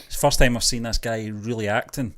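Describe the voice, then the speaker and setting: A man co-hosting a casual review podcast, speaking in a measured, agreeable way and often chiming in with "yeah". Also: mid-range voice, fairly even intonation. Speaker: podcast co-host.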